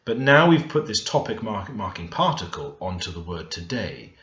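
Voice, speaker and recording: A man's voice: low voice, big pitch swings, normal speed, a bit bright. Man, screen-recorded grammar lesson, thinking aloud, keyboard clicks, echoey room, dull lo-fi mic. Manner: thinking aloud, unsure, stresses example words. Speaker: language learner teaching.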